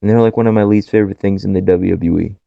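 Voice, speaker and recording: Gravelly low-voiced man in casual chat. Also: fairly even intonation, fast, dark tone, no room sound, dull audio. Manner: blunt, swears freely, laughs often. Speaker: podcast co-host.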